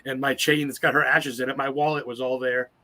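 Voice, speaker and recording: A man's voice: mid-range voice, little pitch movement, fairly quick, pushed and bright. A man in his forties, a guest on an interview show, telling personal stories in a rambling, profane and emotional way. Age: 40s. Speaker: podcast guest. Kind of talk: casual interview storytelling.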